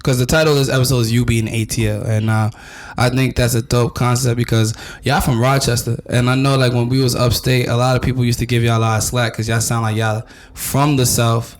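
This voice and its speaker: A man's voice: mid-range voice, little pitch movement, brisk. A man hosting a podcast, opening with hype and slangy casual chat. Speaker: podcast host.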